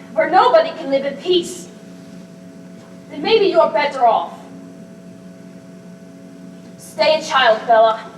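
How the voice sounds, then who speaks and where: A woman on a school stage playing a cold, controlling old grandmother who speaks in curt, unyielding lines, taken from a distant, echoey stage recording with hiss. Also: sits high. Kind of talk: amateur stage acting.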